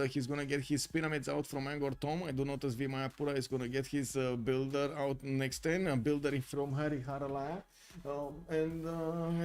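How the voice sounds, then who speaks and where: A man's voice: fairly high pitch, darkish tone. A young man from Romania with a Romanian accent, casting a strategy game match live with a rambling, filler-heavy delivery. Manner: rambling, many filler uhs, chats with chat. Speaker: caster. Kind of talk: live esports commentary.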